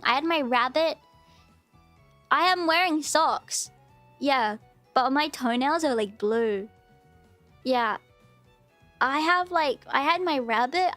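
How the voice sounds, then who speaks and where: A woman's voice: high-pitched, fairly bright tone. A woman with an Australian accent, chatting casually and rambling on a live stream as a VTuber host. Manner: chatty, rambling, repeats herself.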